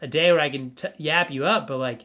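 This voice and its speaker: Young male streamer, slightly high voice, rambling and playful, stammers a lot. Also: a little fast, sharp tone. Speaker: livestream host reviewing NFT art. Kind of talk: casual livestream chat.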